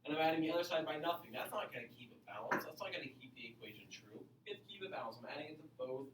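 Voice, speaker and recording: An energetic man teaches an algebra lesson, firing questions at his students and repeating his points. His voice sits a little high. He is recorded from across an echoey classroom with faint noise underneath. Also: fast talker, distant mic. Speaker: math teacher. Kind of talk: classroom lecture.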